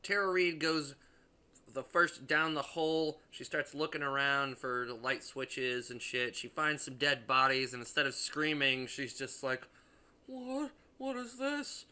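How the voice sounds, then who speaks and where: A man's voice: medium pitch, fairly even intonation, measured pace, sharp tone, clean tone. A young man casually reviewing a movie, rambling and profane, with lots of restarts and filler words.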